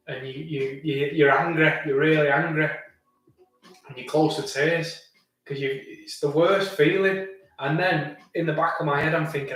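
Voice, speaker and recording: A man's voice: on the high side, steady tone, moderate pace, fairly bright tone, far from the mic. Chatty man, echoey room. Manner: rambling, chatty, with many restarts and fillers. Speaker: vlogger answering live chat. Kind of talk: casual live chat.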